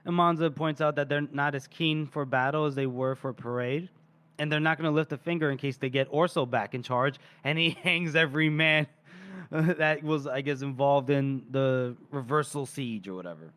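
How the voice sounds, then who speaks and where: Slightly high-voiced man retelling a book. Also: normal speed, fairly bright tone, smooth. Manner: retells scenes with giggles and acted quotes. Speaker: podcast co-host. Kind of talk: casual book discussion.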